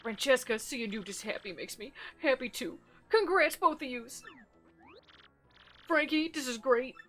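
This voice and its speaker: A woman voicing a gruff old male mafia boss in a game, with a put-on gangster drawl and a clipped, bossy manner. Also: high-pitched, unhurried, fairly bright tone, faint music behind.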